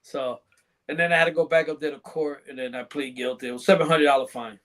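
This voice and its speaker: A man's voice: on the high side, steady tone, fast talker, fairly bright tone. A man on a podcast as a guest, telling rambling, profane anecdotes in casual chat and laughing along.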